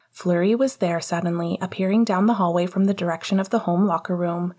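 A woman reading an audiobook in steady, measured narration. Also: fairly low pitch. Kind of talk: scripted narration.

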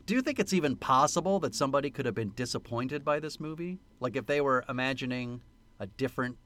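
A man's voice: mid-range voice, quick pace, a bit bright. A man co-hosting a podcast, chatting casually and joking about a movie, laughing often. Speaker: podcast co-host. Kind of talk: casual movie-review chat.

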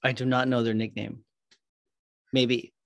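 A man in conversation keeps asking curious follow-up questions, with a light, wry humour. His mid-pitched voice sounds dry and close, with no room echo. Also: little pitch movement, a little slow. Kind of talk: casual chat.

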